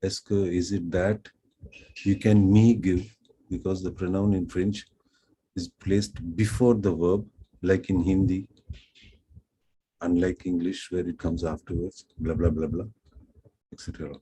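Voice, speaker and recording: A middle-aged man with an Indian accent gives a storytelling lecture as a language teacher. His voice sits deep and mellow. He talks at a slow, easy pace with a self-deprecating touch. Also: level tone, a little hiss or hum, low-quality recording. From Pondicherry, India. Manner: unhurried, self-deprecating, acts out quoted dialogue. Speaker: French teacher.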